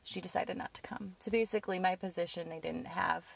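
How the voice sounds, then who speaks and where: A woman's voice: lowish voice, steady tone, fairly quick, gravelly, distant mic. A woman in casual podcast chat, telling a story in a chatty way and bursting into quotes of others.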